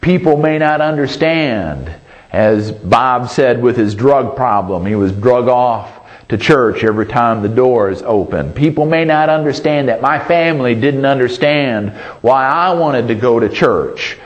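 Slow, folksy man preaching a sermon. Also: mid-range voice, animated, dull audio. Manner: folksy storytelling with frequent restarts and asking "Amen?".

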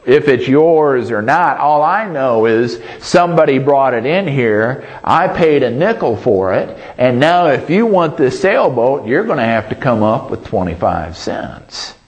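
A man voicing a calm older shopkeeper who talks in a matter-of-fact, unhurried way. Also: medium pitch, highs cut off.

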